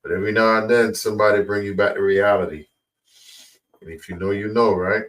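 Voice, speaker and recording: A man's voice: fairly low pitch, steady tone, a little fast, fairly bright tone. A man hosting a reaction video, giving laid-back, preachy commentary. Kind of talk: casual commentary. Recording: voice a bit far from the mic.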